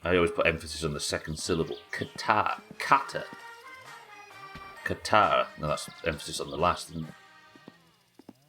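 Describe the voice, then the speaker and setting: A man's voice: rumbling low, little pitch movement, a little fast, pauses often, fairly bright tone, soft background music. A British man streaming a game live, chatting casually with viewers, reading out their messages and swearing freely. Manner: chatty, swears, reads chat aloud. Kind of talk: casual gameplay chat.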